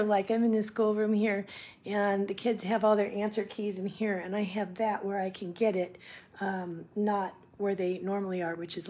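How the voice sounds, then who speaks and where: A woman vlogging at home while recovering from surgery, talking casually to the camera, sometimes gushing and sometimes dropping soft and low. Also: slightly rough. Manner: chatty, gushing when excited, soft and low when tired. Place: home schoolroom, indoors.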